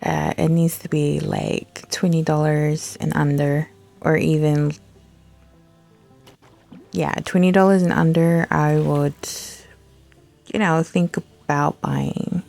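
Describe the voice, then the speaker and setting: A woman's voice: low voice, flat delivery, slow, creaky, darkish tone, soft background music. A woman hosting a gaming channel, chatting casually and rambling to herself while she browses, with laid-back, profane asides.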